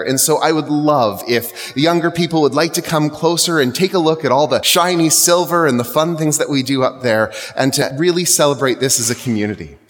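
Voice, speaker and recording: A man, a priest, speaking to a congregation at a church service in an inviting, relaxed way. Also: on the high side. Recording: long reverb of a church.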